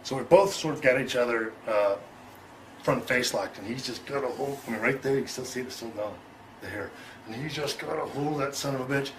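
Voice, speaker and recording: A man's voice: medium pitch, fairly quick, slight background noise, low-quality recording. A middle-aged man telling a story in an interview, loose and profane, chuckling and acting out both sides of an argument. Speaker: interview guest.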